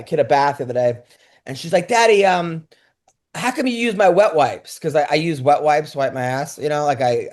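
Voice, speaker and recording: A middle-aged man co-hosting a loose comedy podcast, his voice sitting high for a man. He rambles, stumbles over his words and restarts as he tells his stories. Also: darkish tone. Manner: rambling storyteller with many restarts. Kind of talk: casual podcast banter.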